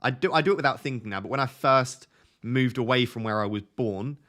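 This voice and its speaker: A young man with a lightly softened Essex accent chats through a live stream at an ordinary, mid-range pitch. He reads viewer questions aloud and answers them in an easygoing, laughing way. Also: a little fast. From Essex, England. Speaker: fantasy football streamer. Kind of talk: casual live-stream chat.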